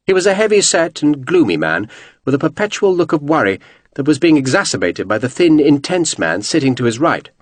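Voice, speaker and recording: A man reading a historical novel aloud as audiobook narration, measured and expressive. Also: medium pitch, no room sound.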